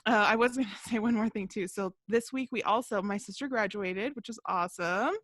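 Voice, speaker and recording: A woman's voice: medium pitch, brisk, a bit bright, no room sound. Chatty young woman on a video call. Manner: chatty, laughs often, many fillers. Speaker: podcast co-host. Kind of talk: casual chat over video call. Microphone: video call mic.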